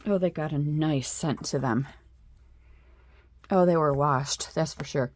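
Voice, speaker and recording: Slow-talking chatty woman crafter. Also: low voice, darkish tone. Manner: chatty, many fillers, admiring asides. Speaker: craft vlogger. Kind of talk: casual show-and-tell.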